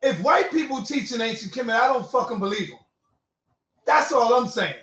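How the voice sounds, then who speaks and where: High-voiced man pleading in debate. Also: lively intonation, moderate pace, fairly bright tone, reverberant, recorded from a distance, lo-fi sound. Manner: pleading, placating, calls others brother. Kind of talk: heated argument.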